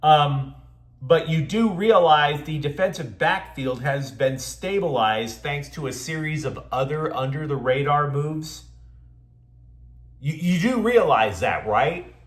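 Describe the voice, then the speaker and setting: A man's voice: a little high, animated, takes it slowly, echoey room. A man hosting a sports show, delivering scripted commentary with sarcastic, mocking asides.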